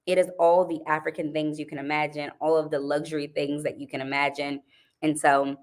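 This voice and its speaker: A young adult woman hosting a casual livestream, chatting animatedly with viewers and laughing often. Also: sits low. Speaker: livestream host.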